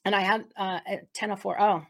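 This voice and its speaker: A woman co-hosting a faith talk show, opening the episode in a rambling, excitable way with many restarts. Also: mid-range voice, fairly quick, gravelly. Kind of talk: casual spoken introduction.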